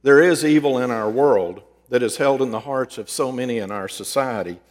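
A man's voice: medium pitch, normal speed. Earnest preacher man in a reverberant hall. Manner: earnest, conversational, with dramatic swings in loudness. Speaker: preacher and counselor. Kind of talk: storytelling sermon. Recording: long reverb in a large hall.

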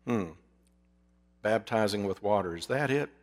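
A man preaching a sermon, asking his listeners rhetorical questions and dropping to a hush for emphasis. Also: mid-range voice, lively intonation, measured pace. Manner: drops to a hushed voice for emphasis.

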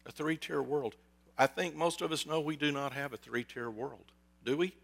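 A man with a somewhat high voice preaches a sermon as a pastor, talking to the congregation in a conversational, storytelling way. He works in jokes and asides and acts out the voices of the people in his stories. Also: fairly even intonation, moderate pace, vocal fry, fairly bright tone.

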